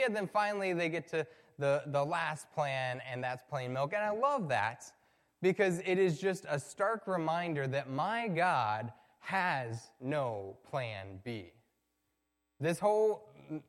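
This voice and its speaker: Man preaching in a reverberant hall. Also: on the high side. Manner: storytelling, conversational, builds to emphatic points. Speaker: pastor. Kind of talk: sermon. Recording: long reverb from a large hall.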